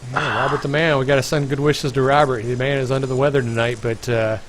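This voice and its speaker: A man hosts a livestream, chatting casually and reacting excitedly as he plays a game. His voice sits at a mid pitch. The audio carries clear background noise and mouse clicks. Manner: excitable, quick to react and laugh. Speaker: livestream host playing a game. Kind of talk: casual stream commentary. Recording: noisy stream audio.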